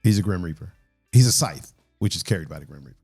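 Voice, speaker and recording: A man's voice: low voice, expressive, quick pace, vocal fry, loud music behind the voice. A man hosting a casual birthday podcast with friends, rambling and laughing often. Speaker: podcast host.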